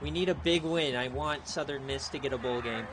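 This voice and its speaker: A young man giving laid-back play-by-play commentary on a streamed video game, chatty and prone to excited outbursts. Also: mid-range voice, fairly quick, music in the background. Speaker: league streamer.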